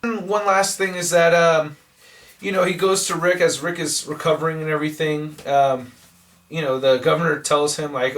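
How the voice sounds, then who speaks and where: A man casually reviewing a comic book, rambling and profane, talking in an excitable, loose way. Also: fairly high pitch, moderate pace, far from the mic.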